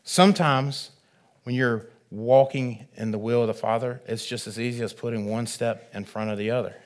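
A man preaching a sermon, measured and earnest, swelling louder on key phrases. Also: medium pitch, fairly even intonation.

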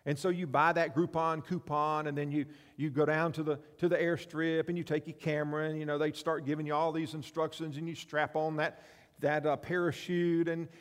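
Male preacher, fairly high voice, chatty sermon delivery, long hall reverb. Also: flat delivery, a little fast. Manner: conversational, rhetorical questions.

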